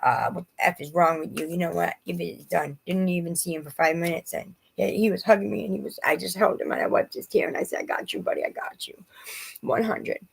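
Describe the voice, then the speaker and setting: A woman in her forties speaks in a low, gravelly voice with a husky edge. She rambles through a personal vlog, venting and often breaking off to restart her sentences. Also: fairly even intonation, fast, few pauses. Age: 40s. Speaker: vlogger.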